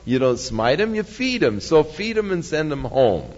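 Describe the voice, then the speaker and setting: A preacher playing a calm old male prophet who speaks in a folksy, reassuring way while retelling a scripture story. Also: a little high, moderate pace. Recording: dull lo-fi, long church reverb.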